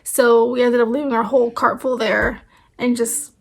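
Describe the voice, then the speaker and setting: A woman's voice: a little high, fairly even intonation, moderate pace, vocal fry. Tired chatty mom vlogger, woman. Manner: chatty, rambling, many fillers. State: tired, voice fading. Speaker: family vlogger. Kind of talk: casual vlog chat.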